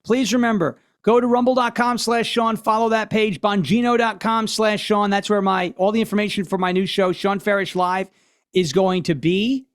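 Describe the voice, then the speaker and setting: A man's voice: high-pitched, fairly even intonation, normal speed. A man hosting a political commentary show, talking in a brash, mocking, loose way. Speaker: host.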